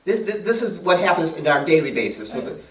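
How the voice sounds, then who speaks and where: A man's voice: sits high, very animated, fast, fairly bright tone. A middle-aged man giving a talk to an audience, telling personal stories in a chatty way, laughing often and acting out what people said. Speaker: guest speaker and painter. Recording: roomy sound from a distant mic.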